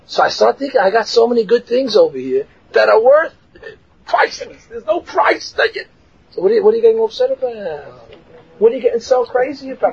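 A man teaching a Torah class, telling stories and acting out the quotes with animated laughter. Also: very high-pitched, a little fast, creaky, breathy edge, lo-fi sound.

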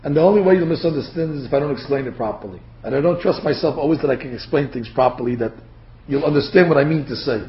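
Animated man teaching a Torah class. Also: a little high, fast talker, a little hiss or hum. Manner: animated, acts out quotes. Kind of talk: lecture to a class. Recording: dull lo-fi lecture recording.

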